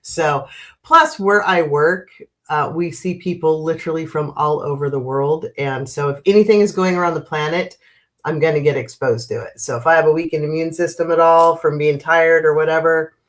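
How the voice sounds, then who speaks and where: A woman's voice: low voice, normal speed. A woman in her fifties with a stuffy, congested nose, chatting casually as host of a live stream and greeting viewers by name with frequent laughs. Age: 50s. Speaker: livestream host.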